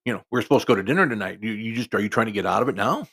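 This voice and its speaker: A snappish, hostile woman on a dinner date, firing off short clipped lines, as a man with a gravelly voice quotes her. She sounds cold and dismissive. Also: on the low side, animated, rapid-fire, a bit bright. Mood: curt.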